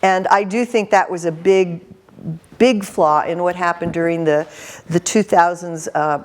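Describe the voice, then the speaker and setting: Animated, intense woman telling stories. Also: fairly low pitch. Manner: animated, laughing storyteller. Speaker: career counselor. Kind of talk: storytelling in an interview.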